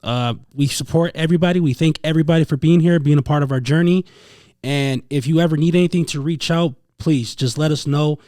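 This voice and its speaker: Guy hosting a podcast, kinda high voice, dry close sound, cusses casually. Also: a little fast, darkish tone, no echo. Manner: swears freely, loose and joking. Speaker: podcast host. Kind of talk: casual chat.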